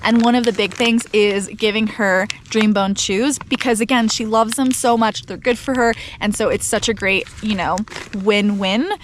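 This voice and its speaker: A woman's voice: medium pitch, fairly even intonation, normal speed, slight background noise. A young woman vlogging casually outdoors by a mountain lake, chatty and upbeat, talking to the camera and giving commands to her dog. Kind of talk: casual vlog talk to camera.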